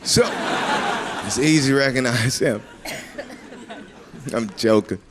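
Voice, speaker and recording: A man doing a stand-up routine in a comedy club, rambling loosely and breaking into shouted high-pitched bits. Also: slow. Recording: live club recording with audience laughter and noise.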